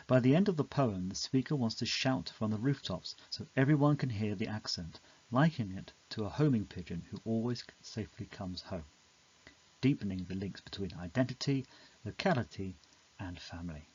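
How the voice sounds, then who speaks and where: Male narrator for a study video, measured and explanatory, slightly dull lo-fi sound. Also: on the low side, animated, darkish tone, husky. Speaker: teacher explaining a poem. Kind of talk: scripted educational narration.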